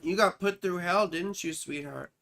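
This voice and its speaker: A woman's voice: fairly low pitch, moderate pace, gravelly, a bit bright. A woman astrologer giving a live chart reading. She talks in a rambling way, drifts into asides, and calls the viewer sweetheart and baby.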